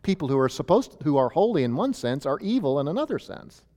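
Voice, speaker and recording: A man's voice: on the high side, very animated, fast, dark tone, in a large hall. A male pastor teaching a sermon from a chart, talking in a conversational way with many fillers and restarts.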